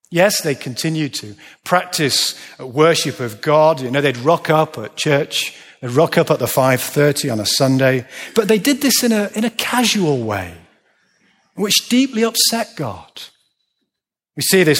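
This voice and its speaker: A man preaching a sermon, emphatic, slowing down and dropping low to stress his words. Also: a bit bright. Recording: long reverb of a large hall.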